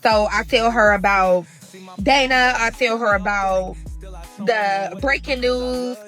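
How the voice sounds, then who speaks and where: A woman's voice: fairly high pitch, takes it slowly, a bit bright, faint music behind. Chatty St. woman telling a story. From St. Louis, USA. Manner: chatty, profane, keeps addressing the audience as y'all. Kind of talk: casual storytime monologue.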